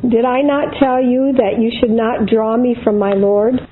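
Casting note: woman playing a calm, defiant condemned believer, firm and solemn, slightly high voice, tinny phone-line sound with faint hiss. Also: moderate pace, close to an everyday voice. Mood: steadfast. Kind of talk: dramatic reading of a historical account.

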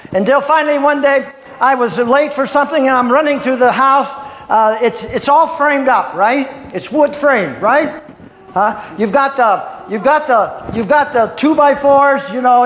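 This preacher's voice is extremely high and a bit bright as he tells folksy, homespun stories in a sermon. He keeps calling "Hello?" and "Hallelujah" to his congregation and chuckles between lines, and the hall around him echoes with long reverb and faint room noise.

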